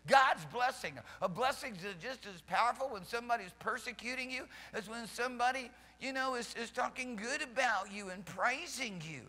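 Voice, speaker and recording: A male pastor preaching a charismatic sermon at a church service, fervent, swinging from loud shouts to soft pleading. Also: extremely high pitch, normal speed, few pauses, long reverb tail. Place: church sanctuary during a service.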